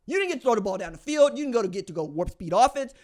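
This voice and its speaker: A man's voice: high-pitched, rapid-fire. A man hosting a solo podcast, talking in an emphatic, slangy way and acting out what other people say. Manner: animated, emphatic, slangy, acts out quoted voices. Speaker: podcast host.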